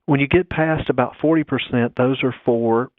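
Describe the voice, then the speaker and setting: A man's voice: medium pitch, moderate pace, dry recording. Man explaining engine tech over the phone. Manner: explanatory, talks through figures step by step. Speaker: guest engineer calling in. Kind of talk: technical phone interview. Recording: dry tinny phone line.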